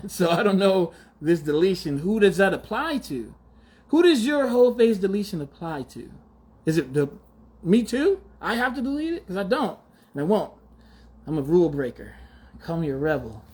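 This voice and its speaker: A man in his forties holds forth on a podcast in a casual, slangy monologue. His voice sits high and swings widely as he teases and acts outraged. He laughs often between points. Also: slightly rough. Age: 40s. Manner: slangy, teasing. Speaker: podcast host.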